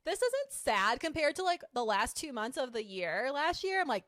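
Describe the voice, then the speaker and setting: A woman's voice: sits high, big pitch swings, normal speed, fairly bright tone, no room sound, clean studio sound. A woman co-hosting a podcast in casual chat, bubbly and chatty, laughing often. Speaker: podcast co-host.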